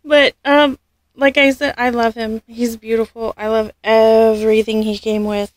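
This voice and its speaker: A woman vlogging an unboxing, gushing and halting, often losing her words. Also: on the high side, flat delivery, dry recording. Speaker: vlogger unboxing a reborn doll. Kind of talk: casual unboxing vlog.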